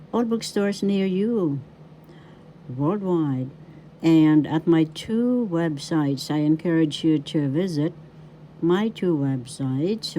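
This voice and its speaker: An older woman from the Philippines, a language teacher and author, introducing a video lesson in a formal, deliberate way and repeating her name and degrees. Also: deep voice, mellow, a little hiss or hum. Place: her home in New York City.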